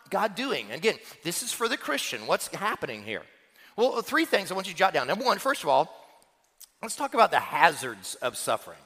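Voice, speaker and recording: A man preaches from the pulpit with a high, gravelly voice that swoops up and down as he drives each point home. His bright, forceful tone carries through the long reverb of a large church sanctuary. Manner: preaching with personal stories and rhetorical questions. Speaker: pastor. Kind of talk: sermon.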